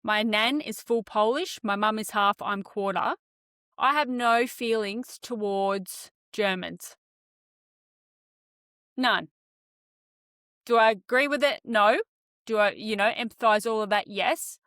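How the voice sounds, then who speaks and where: Animated woman telling a story. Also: a little high, no echo, clean studio sound. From Australia. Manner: animated storytelling, swears, keeps asking "right?". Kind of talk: casual chat.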